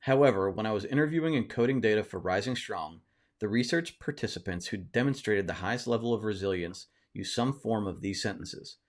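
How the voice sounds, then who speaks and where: A man hosting a live session, reading a book passage aloud in a steady storytelling way, now and then breaking off for offhand asides. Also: fairly low pitch, moderate pace.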